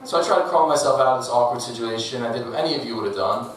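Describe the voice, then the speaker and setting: Deadpan man doing stand-up in an echoey club. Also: mid-range voice, very fast. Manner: deadpan delivery with laughing asides. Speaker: stand-up comedian. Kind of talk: stand-up comedy set. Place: comedy club stage. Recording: echoey club from a distant mic, audible noise.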